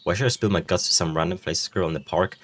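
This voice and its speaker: Game read-along: a man voicing a prickly, self-doubting young woman. Deep, low voice. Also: very fast, a little hiss or hum, natural voice. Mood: defensive. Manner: guarded, defensive, self-doubting.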